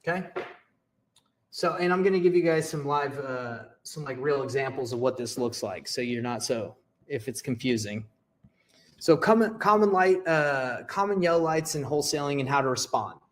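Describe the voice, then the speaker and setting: A young man teaching real estate deals in a casual, energetic way, often checking in with "okay?" and acting out short sample phone dialogues. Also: mid-range voice, normal speed.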